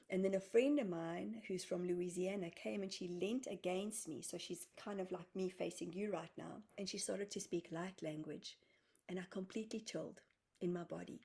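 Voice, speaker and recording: A woman's voice: on the low side, fairly quick, warm tone, breathy edge. A woman from South Africa, a guest healer, telling a story in a casual interview and acting out her own quoted words with energy. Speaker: guest healer and spiritual medium.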